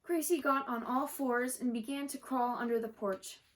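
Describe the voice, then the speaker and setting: A woman reads a children's story aloud in a gentle, friendly manner. Her voice sits a little high, and she now and then trips on a word and corrects herself. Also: fairly even intonation, normal speed, rough recording. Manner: gentle, occasional slips and self-corrections.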